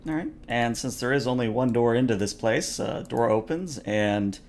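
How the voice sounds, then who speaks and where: A man narrating a tabletop game as game master, in a relaxed, filler-heavy way. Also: medium pitch, normal speed.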